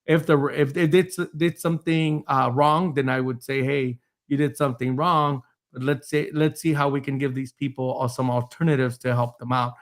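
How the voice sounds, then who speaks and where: A man's voice: medium pitch, level tone, normal speed. A man hosting a panel talk on code enforcement, rambling with many restarts and the occasional laugh. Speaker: host, building official. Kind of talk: panel discussion.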